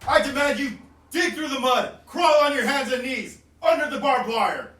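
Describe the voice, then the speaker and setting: A man's voice: very high voice, lively intonation, moderate pace, a bit bright. A man playing a harsh army drill sergeant, barking orders at a recruit. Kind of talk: live improv comedy. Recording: echoey live stage, distant mic.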